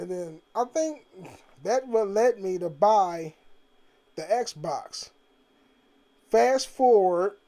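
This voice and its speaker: A man's voice: high voice, dark tone. Brief: man, home gaming vlog, loose and profane, rambling, laughs a lot. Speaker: gaming vlogger. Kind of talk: casual rambling monologue.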